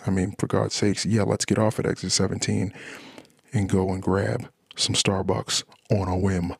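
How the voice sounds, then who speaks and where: Low flat-voiced guy rambling on about his marriage, gravelly and kinda husky. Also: moderate pace, no echo. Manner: rambling, frustrated venting. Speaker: podcast host. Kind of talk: personal monologue about marriage.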